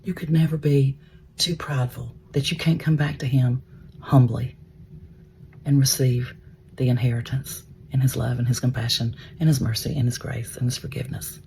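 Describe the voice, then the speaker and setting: Brief: mellow, gravelly male storyteller, chatty devotional retelling. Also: mid-range voice, steady tone, moderate pace, slight background noise. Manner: conversational, repeats words, drops into hushed whispers. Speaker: Christian storyteller.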